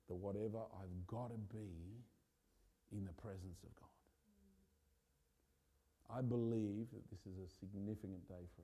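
Impassioned male preacher, low mellow voice. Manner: impassioned preaching, builds to loud urgent peaks. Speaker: pastor. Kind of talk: sermon.

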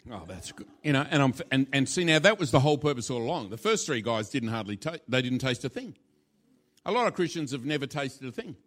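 A man's voice: medium pitch, animated, quick pace, fairly bright tone. A male pastor preaching a sermon in a church, informal and playful, acting out little scenes as he teaches. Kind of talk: sermon with a live demonstration.

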